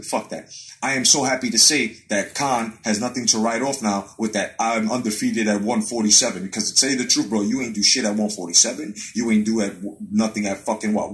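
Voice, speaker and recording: Over a webcam mic on his live stream, a boxing commentary host rants in a heated, profane tirade, cursing nonstop and repeating the same points again and again. His pitch is medium, and the recording is low quality.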